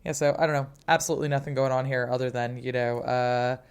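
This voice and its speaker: A man's voice: mid-range voice, steady tone, fast talker, clear, resonant tone. Chatty man in his forties. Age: 40s. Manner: chatty, rambling, swears offhandedly. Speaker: podcast co-host. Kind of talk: casual chat.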